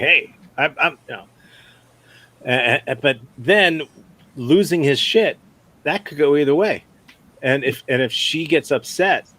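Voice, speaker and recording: A man teaching an improv workshop, giving thoughtful, halting feedback with many restarts. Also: mid-range voice, fairly bright tone.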